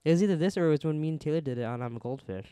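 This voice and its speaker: A man's voice: fairly high pitch, very fast, dark tone, clear, resonant tone, no room sound. A young man co-hosting a podcast in casual chat, giggly and teasing. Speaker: podcast co-host.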